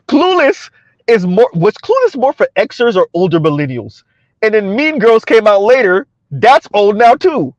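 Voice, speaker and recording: Middle-aged male stream host, chatty and chuckling, fairly high voice, dry dull recording. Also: big pitch swings, normal speed, no room sound. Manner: chuckling often, loose and colloquial. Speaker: livestream commentary host. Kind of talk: casual livestream commentary, reading chat aloud.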